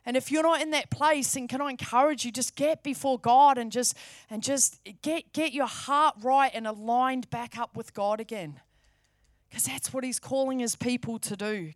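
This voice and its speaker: A woman's voice: on the high side, normal speed, dry recording, studio quality. A woman preaching a sermon, fervent and emphatic, repeating key phrases for stress.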